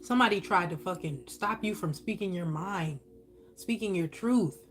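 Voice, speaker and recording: A woman's voice: fairly low pitch, moderate pace, a little hiss or hum. A woman giving a channeled spiritual reading while eating on camera, casual, profane and blunt. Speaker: spiritual reader.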